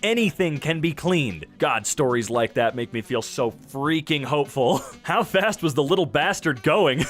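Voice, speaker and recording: A young man reads posts aloud and reacts with playful, wisecracking asides. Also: a little high. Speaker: YouTuber reading Reddit posts.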